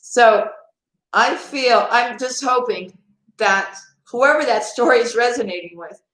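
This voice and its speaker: A woman's voice: a little high, measured pace, fairly bright tone, echoey room, low-quality recording. Chatty woman doing a live tarot reading. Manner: chatty, laughs often, addresses viewers directly. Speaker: tarot reader.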